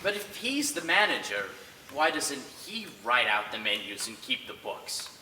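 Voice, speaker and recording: An actor plays a blustering, sarcastic tough-guy brother in a live stage show. The voice is bright and bounces between high and low. It is picked up from far off, in a long, echoey theater hall with a faint hiss. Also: big pitch swings. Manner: fast, sarcastic interrogating, rising to shouts. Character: blustering tough-talking man, Bella's brother Louie. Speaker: stage actor in a school play.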